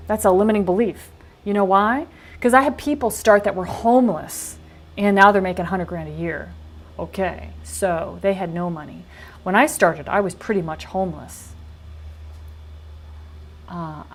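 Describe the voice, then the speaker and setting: A middle-aged woman leads a live online workshop with blunt, emphatic energy. She swears freely and reads attendees' typed answers back to them, her voice sitting at an ordinary middle pitch. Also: expressive, normal speed. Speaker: workshop coach.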